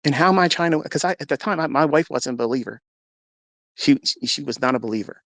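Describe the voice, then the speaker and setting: A man's voice: medium pitch, quick pace, a bit bright, dry recording. A man earnestly telling a personal story in a live audio room, acting out what people said with rising intensity. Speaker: host.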